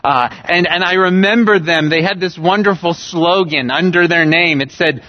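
A man's voice: high-pitched, normal speed, few pauses. A man from California preaching a sermon as pastor, emphatic, repeating key phrases and using humorous everyday illustrations, in a church sanctuary. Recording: dull recording with long hall reverb.

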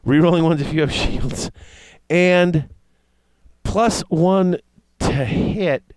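A man in casual chat, reading tabletop game rules aloud and reacting with excitement. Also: fairly high pitch, takes it slowly, no room sound. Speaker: tabletop wargame player discussing rules.

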